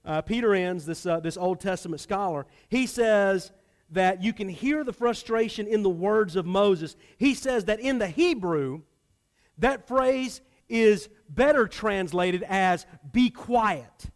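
High-voiced pastor preaching with swings. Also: male voice, measured pace. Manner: animated, swings from loud emphasis to hushed low delivery. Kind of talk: sermon.

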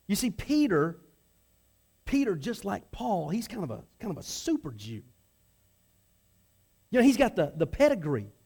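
Very animated and husky with a darkish tone, this high-voiced preacher addresses a congregation at a moderate pace, leaving long pauses. His sermon sounds conversational, with frequent repeated words on restarts and performed voices for the story's characters.

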